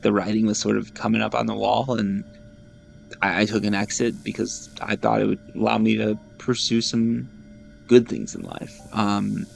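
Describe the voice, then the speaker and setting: Gamer guy in his 30s rambling over gameplay, kinda low and creaky, jokes at himself, faint music behind. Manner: rambling, self-deprecating, repeats words. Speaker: gaming YouTuber host. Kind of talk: casual chat over gameplay.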